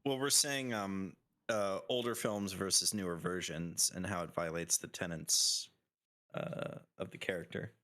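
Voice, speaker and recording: A man chatting casually as a co-host, giving measured, thoughtful replies. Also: sits low, fairly even intonation, sharp tone. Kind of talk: casual chat.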